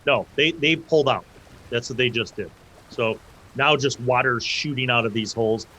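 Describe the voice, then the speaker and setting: A man's voice: mid-range voice, moderate pace, sharp tone, slight background noise. Rambling male game master. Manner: rambling, many fillers and restarts. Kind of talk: narrating a tabletop game.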